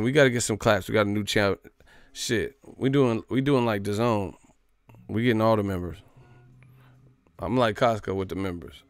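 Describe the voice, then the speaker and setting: A man's voice: fairly low pitch, clean tone, dry recording. A man chatting casually on a live stream, joking loosely with profane slang and frequent laughs. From United States.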